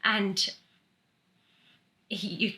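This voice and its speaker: A woman's voice: medium pitch, fairly even intonation, drawn-out words, pushed and bright, a little hiss or hum. A woman talking as a guest, earnestly and emotionally recounting a personal experience, often restarting her sentences. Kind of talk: casual conversation, personal account.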